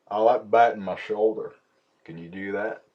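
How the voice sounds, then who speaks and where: A man's voice: lowish voice, steady tone, moderate pace. A man prank calling in a put-on Southern hillbilly accent, sounding timid and apologetic. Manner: mock-timid, apologetic, mumbling. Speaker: prank caller. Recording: dull lo-fi phone audio.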